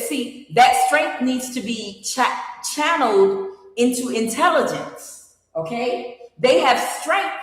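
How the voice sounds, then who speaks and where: A woman giving a casual tarot reading, blunt and rambling, with many fillers and restarts. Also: on the high side. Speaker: tarot reader. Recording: very echoey room with long reverb.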